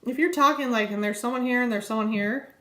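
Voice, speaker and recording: Casting: woman, 30s, rambling vlogger voice, a bit high, roomy echo. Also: fast talker, background noise. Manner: chatty, rambling, easily sidetracked. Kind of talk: casual chat to camera. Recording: echoey room.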